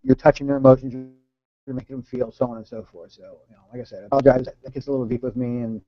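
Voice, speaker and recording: A man running an online team training session. He speaks earnestly and haltingly, restarting and repeating words as he goes. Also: mid-range voice, fairly even intonation. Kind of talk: live online training talk. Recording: dull, dry lo-fi call audio.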